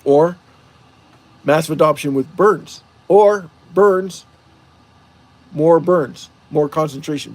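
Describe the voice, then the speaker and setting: A man's voice: a little high, creaky, darkish tone. A man hosting a livestream, rambling and putting rhetorical questions to the chat. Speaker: livestream host. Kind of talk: casual livestream talk to chat viewers.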